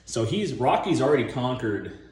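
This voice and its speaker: A man in a casual monologue, retelling film scenes in a rambling, excitable way and laughing at his own jokes. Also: mid-range voice, moderate pace, roomy sound. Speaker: movie commentary vlogger.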